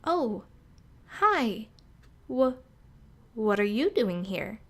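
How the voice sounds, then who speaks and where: Woman voicing a young girl frog, high-pitched, emphatic, caring, storybook. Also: big pitch swings, extremely slow, fairly bright tone, heavily acted. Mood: worried. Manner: worried, emphatic.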